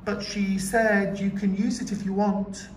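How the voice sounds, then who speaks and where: A man's voice: high-pitched, little pitch movement, a little slow, slight background noise, voice pushed up. Man doing a helpful schoolgirl. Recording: echoey room.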